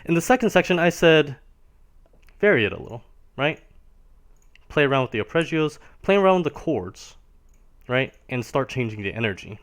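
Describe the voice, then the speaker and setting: A man's voice: on the high side, sing-song, normal speed, pauses often. A man teaching piano on a live stream, explaining ideas patiently and checking in with a constant questioning "right?" as he goes. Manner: explains patiently, ends nearly every phrase with a questioning "right?". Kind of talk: live-streamed music lesson.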